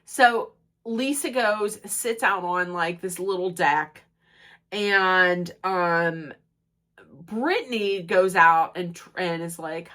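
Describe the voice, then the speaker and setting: A woman's voice: mid-range voice, slow. A woman recapping a reality show episode in a gossipy, casual way, acting out the cast's quotes, with a stuffed-up nose. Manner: gossipy, acts out quotes in animated voices. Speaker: recap commentator.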